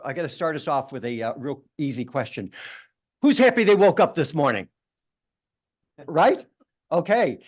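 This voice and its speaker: A man, a rabbi and chaplain, giving an emphatic, interactive talk to a church audience and asking them questions. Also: a little high. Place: church meeting room.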